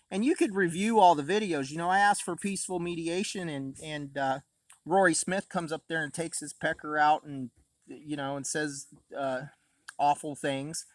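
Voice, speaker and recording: A man's voice: on the high side, dry recording. A man rambling in a casual vlog monologue, aggrieved and full of filler words, filmed outdoors on a phone. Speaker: vlogger. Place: outdoors by a camper at home.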